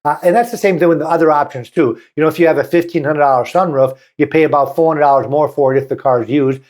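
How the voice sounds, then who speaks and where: Folksy car dealer host riffing. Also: male voice, on the high side, fast talker, darkish tone. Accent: Southern US. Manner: folksy, reads a passage then riffs with asides. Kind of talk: opinionated talk-show commentary.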